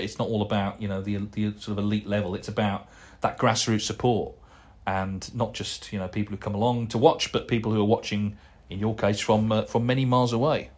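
A middle-aged man hosting a casual solo podcast, rambling and chatty with plenty of fillers and restarts as he answers listener emails. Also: fairly low pitch. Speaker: podcast host.

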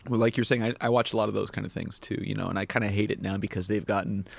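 A man co-hosting a podcast, easygoing and casual, often chiming in with quick agreement. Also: on the low side, steady tone, creaky. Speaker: podcast co-host. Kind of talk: casual chat.

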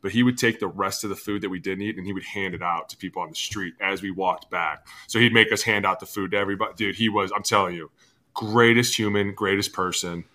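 A man's voice: low-pitched, fast talker. A man co-hosting a football podcast, telling locker-room stories in casual chat and acting out what people said. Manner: animated storyteller, acting out loud quotes. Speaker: podcast co-host, former NFL lineman.

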